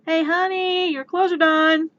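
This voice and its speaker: A woman's voice: very high-pitched, steady tone, measured pace, fairly bright tone, dull audio, voice pushed up. A woman voicing a cheerful, caring housemate who speaks in a sweet, chirpy way. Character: cheerful caring female housemate, gentle nagging.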